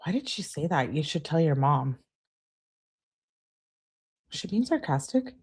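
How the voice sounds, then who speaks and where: A woman with a fairly low voice reads a run of text messages aloud for a true crime channel. She moves between reading the messages and her own emphatic, exasperated asides. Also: big pitch swings, unhurried, a little mellow, slightly rough.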